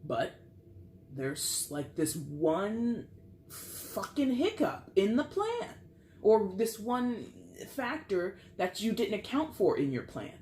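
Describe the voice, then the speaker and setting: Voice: medium pitch, very animated, slow pace, darkish tone, reverberant, slight background noise. A tarot reader giving a casual, chatty reading, swearing freely and acting out little scenes. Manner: chatty, profane, acts out quotes.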